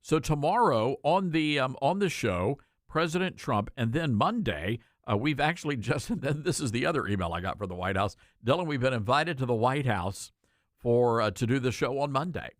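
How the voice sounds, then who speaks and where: A man's voice: medium pitch, animated, normal speed, no echo, studio quality. A man hosting a talk radio show, speaking in an emphatic, folksy way.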